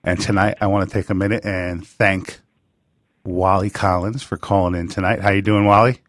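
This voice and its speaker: A man's voice: deep voice, little pitch movement, normal speed, no echo, clean studio sound. A man in his forties hosting a radio call-in interview, loose and joking, swearing casually. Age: 40s. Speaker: radio show host.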